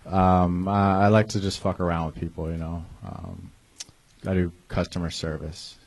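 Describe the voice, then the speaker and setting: Deadpan, low-voiced American man. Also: gravelly. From United States. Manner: slow deadpan monotone. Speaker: comedian guest. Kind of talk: casual chat.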